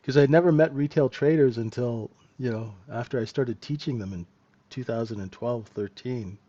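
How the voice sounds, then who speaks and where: A man's voice: medium pitch, normal speed, dark tone, no echo, lo-fi sound. A middle-aged man hosting a live trading room, chatting casually and joking with viewers, laughing often. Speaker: trading room host and mentor.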